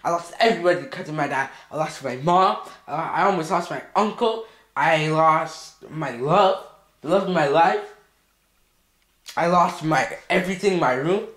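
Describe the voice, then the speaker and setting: A man's voice: on the high side, moderate pace, fairly bright tone, close to an everyday voice. A man playing a volatile, troubled young man who swears constantly and rants, repeating himself, in a comedy skit, recorded in an echoey room. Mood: bitter.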